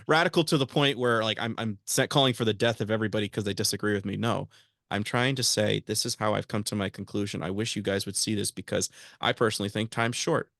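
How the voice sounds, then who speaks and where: A man's voice: on the low side, vocal fry, fairly bright tone, no room sound, clean studio sound. A man guest on a podcast, talking earnestly and acting out quoted exchanges in a casual interview.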